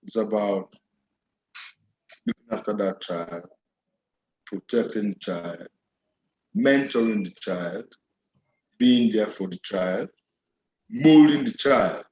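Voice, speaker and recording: A man answering interview questions as a guest medical officer, measured and earnest. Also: fairly low pitch, darkish tone. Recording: dull, echoey line with faint noise.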